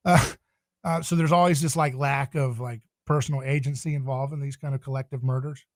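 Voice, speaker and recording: A man's voice: mid-range voice, steady tone, a little fast, no echo. A man speaking as a podcast guest in a passionate, emphatic, preaching tone. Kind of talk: podcast interview.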